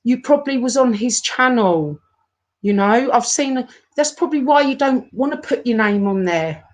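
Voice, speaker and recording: A woman in her forties, talking to her viewers in an upset, halting rant, often stopping and repeating herself. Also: a little high, lively intonation. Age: 40s. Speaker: YouTuber. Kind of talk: emotional live-stream rant.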